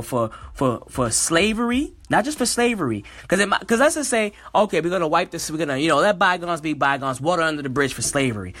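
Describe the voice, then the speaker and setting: A man's voice: on the high side, a bit bright. A man giving impassioned solo commentary, reading passages aloud and breaking in with emotional, worked-up remarks that often repeat themselves. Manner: reads text aloud, then comments.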